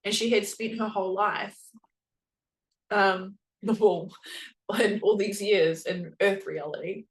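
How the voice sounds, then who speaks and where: A woman's voice: medium pitch, fairly even intonation, measured pace, rough recording. Chatty woman sharing a spiritual story. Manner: chatty, heavy use of "like", earnest and emotional. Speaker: spiritual podcast host.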